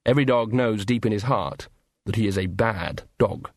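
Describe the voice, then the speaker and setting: A man narrating an audiobook in a wry, measured storytelling manner. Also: fairly low pitch, no room sound, clean studio sound. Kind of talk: scripted narration.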